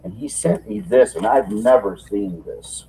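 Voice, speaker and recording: A man's voice: lowish voice, a little slow, warm tone, a little hiss or hum, poor audio. A man from Michigan on a video call, rambling enthusiastically through a show-and-tell of a collector's item and getting short of breath when he talks long. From Michigan, United States. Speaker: collector sharing items. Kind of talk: casual video chat.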